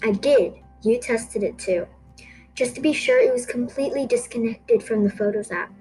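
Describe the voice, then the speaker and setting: A woman's voice: a little high, normal speed, darkish tone, faint music behind, natural voice, low-quality recording. A woman voicing a defensive, hurt schoolboy rival with a pleading manner, in a storybook reading.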